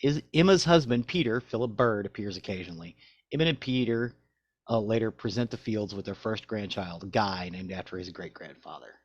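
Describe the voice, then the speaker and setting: A man's voice: lowish voice, a little fast, slightly rough, no room sound, lo-fi sound. A man co-hosting a podcast, who reads facts aloud from his notes and then chats loosely. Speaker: podcast co-host. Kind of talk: reading show notes and casual chat.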